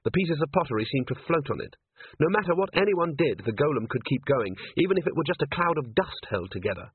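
A man narrating an audiobook in a lively, expressive manner. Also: on the high side, fast, husky, dry recording. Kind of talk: audiobook reading. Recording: tinny phone-like sound, dry.

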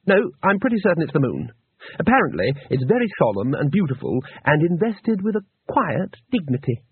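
A man's voice: fairly high pitch, very animated, moderate pace, creaky, breathy edge, dry recording, pitched above the performer's own voice, heavily acted. A man voicing an eager, naive male tourist who talks earnestly and rambles with enthusiasm. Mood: enthusiastic. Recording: tinny narrow-band recording.

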